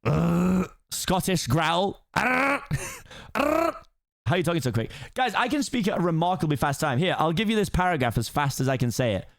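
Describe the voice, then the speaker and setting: A man's voice: on the high side, very animated, normal speed, fairly bright tone. A tipsy young British man chatting on a live stream in a rambling, giggly way. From Britain. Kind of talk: casual chat on a live stream.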